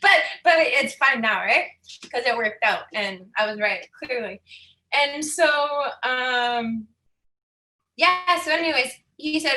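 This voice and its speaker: A woman's voice: high voice, lively intonation, takes it slowly, pushed and bright, roomy sound. A woman in her thirties from Saskatchewan, giving a candid, chatty personal talk as a guest speaker, laughing often and moved at times. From Saskatchewan, Canada.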